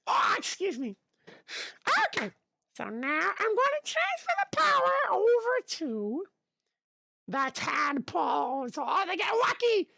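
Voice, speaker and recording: A man voicing a bubbly star-cat mascot, hosting a livestream guessing game with a squealing, drawn-out, bouncy delivery. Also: extremely high pitch, huge pitch swings, creaky, pushed and bright, voice pushed up, heavily acted. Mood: playful. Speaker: streamer.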